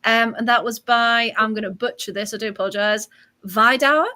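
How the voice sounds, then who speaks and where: A woman's voice: on the high side, level tone, fairly quick, pushed and bright. Chatty woman hosting a watch-along. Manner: chatty, reads out chat messages, frequent ums. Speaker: podcast host. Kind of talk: casual chat and live match watch-along.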